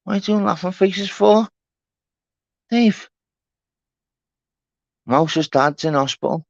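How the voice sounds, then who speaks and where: A man's voice: high-pitched, slow pace, vocal fry, no echo. A man hosting a casual livestream chat, blunt, swearing and repeating himself. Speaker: livestream host. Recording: dull lo-fi stream audio.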